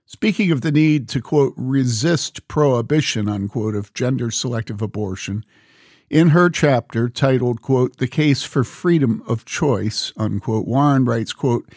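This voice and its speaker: Man, audiobook-style reading, measured and earnest, mid-pitched, dry close sound. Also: darkish tone, dry recording. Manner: measured, earnest reading with spoken quote marks. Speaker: reader. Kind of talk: reading a book aloud.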